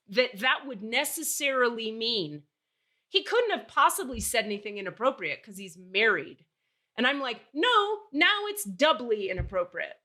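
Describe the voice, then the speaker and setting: A woman in her forties hosting a podcast, telling a story candidly and with exasperation. She swears freely. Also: on the high side. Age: 40s. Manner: animated, acts out dialogue while telling stories. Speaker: podcast host.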